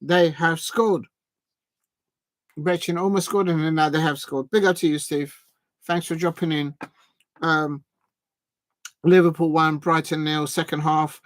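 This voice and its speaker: A man's voice: fairly high pitch, steady tone, moderate pace, pauses often, dry recording. A man hosting a live fan watch-along, commentating casually with many fillers and restarts and chatting with viewers. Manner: chatty, reads out and thanks viewers. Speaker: fan stream host.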